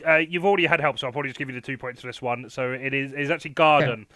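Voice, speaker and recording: Bright-voiced British quizmaster. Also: male voice, mid-range voice, racing, no room sound. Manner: chatty, laughing, trails off into mumbles. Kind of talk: hosting a comedy panel game.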